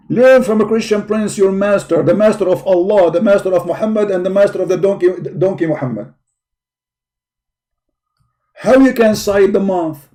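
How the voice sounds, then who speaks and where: A man's voice: sits high, lively intonation, normal speed, dark tone. A man hosting a live call-in debate stream, mocking and insulting his opponents with emphatic repetition, his voice tired. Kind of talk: combative livestream commentary while searching a website.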